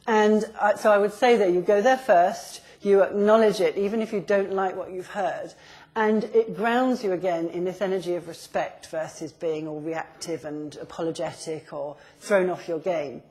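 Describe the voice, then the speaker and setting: A woman's voice: mid-range voice, moderate pace. A middle-aged woman giving a live business communication talk, acting out little example conversations and laughing often. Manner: lively, acts out example dialogues, laughs often.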